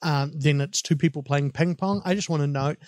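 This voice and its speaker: A man co-hosts a relaxed film podcast, rambling through his thoughts with frequent ums and self-deprecating jokes. His voice sits a little high for a man. The sound is close and dry, with no room around it. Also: brisk, no echo. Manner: rambling, self-mocking, lots of fillers. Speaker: podcast co-host. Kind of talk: casual film discussion.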